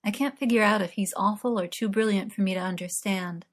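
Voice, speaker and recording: A woman's voice: mid-range voice, fairly even intonation, a little fast, natural voice. Woman voicing a reserved, polite young man. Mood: wry.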